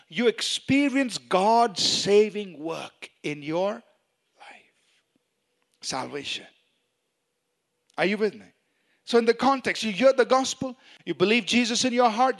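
A man preaching a sermon, reading scripture and asking the congregation if they follow him. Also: sits high. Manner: animated preaching with questions to the congregation. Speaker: pastor.

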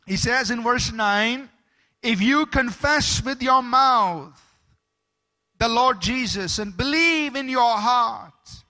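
A man's voice: very high voice, slow pace, pushed and bright. A man preaching a sermon as pastor, emphatic, stopping to ask the congregation for amens.

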